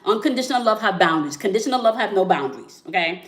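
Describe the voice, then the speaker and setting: Very fast and lively, a woman with a mid-range voice hosts a casual spiritual relationship talk in an echoey room. She sprinkles in many fillers and keeps asking "right?" and "okay?"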